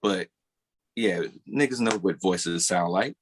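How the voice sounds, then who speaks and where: This deep-voiced man co-hosts a podcast and talks slowly over slight background noise. His casual chat wanders, he keeps restarting his thoughts, and he tosses in "or whatever" as a hedge.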